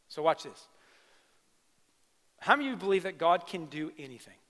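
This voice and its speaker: A man preaching a sermon, his fairly high voice ringing out in a big hall with a long echo. He swings from loud, emphatic bursts to quiet, intimate asides. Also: very animated, moderate pace, long pauses. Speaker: pastor.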